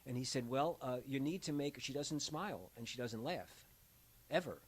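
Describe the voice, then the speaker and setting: This older man is an end-of-life doula who tells personal stories conversationally, animatedly acting out the voices of the people he quotes. His voice is medium-pitched and slightly rough at a moderate pace, and the low-quality recording carries a faint hiss.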